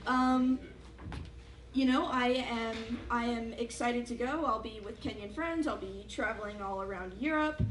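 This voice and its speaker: Young woman comic, high voice, wry self-deprecating, chatty with fillers, echoey hall, noisy live mic. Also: measured pace. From United States. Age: young adult. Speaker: student stand-up comic. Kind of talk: stand-up comedy set. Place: large hall with a live audience.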